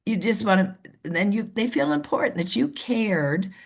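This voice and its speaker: A woman leading a team meeting over a video call. She coaches in an animated way and acts out the voices of the people she describes. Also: mid-range voice, moderate pace, gravelly, husky. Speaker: team leader. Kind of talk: motivational coaching talk.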